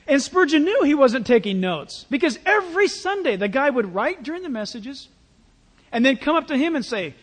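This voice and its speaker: A male pastor preaching a sermon in a church, in a conversational, animated way with playful asides. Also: extremely high pitch, normal speed, long reverb tail.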